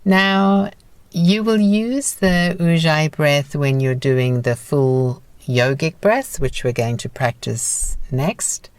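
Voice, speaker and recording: A woman teaching a guided breathing lesson in a calm, encouraging, instructive manner. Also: deep voice, slow pace, no room sound.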